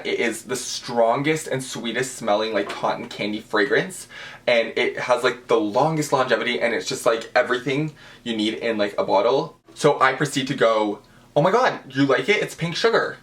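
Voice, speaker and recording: A young man, telling a celebrity-meeting story in a casual vlog, gushing and full of fillers. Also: medium pitch. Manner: gushing, animated, with many fillers. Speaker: vlogger.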